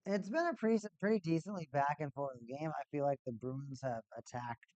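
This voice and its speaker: A live-stream host with a slightly high, somewhat mellow voice talks animatedly and briskly through a hockey watch party, rambling and repeating himself in an easygoing way. The sound is dry, close and muffled, from a home desk mic with no room echo.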